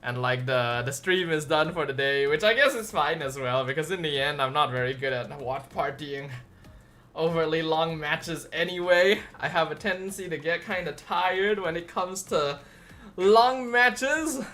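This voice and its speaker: A man's voice: on the high side, normal speed, pushed and bright. A young man chatting casually on his livestream, tired and rambling with lots of fillers and restarts. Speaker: streamer.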